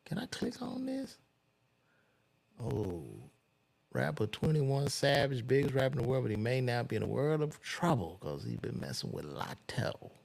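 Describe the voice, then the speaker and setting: A man's voice: mid-range voice, big pitch swings, moderate pace, creaky, darkish tone. A man casually reading celebrity news aloud and reacting with loose, profane commentary while he browses.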